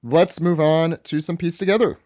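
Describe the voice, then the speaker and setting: A man's voice: a little high, steady tone, moderate pace, a little mellow. A man from New York hosting a casual podcast, chatty and self-mocking as he reads listener emails. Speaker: podcast host.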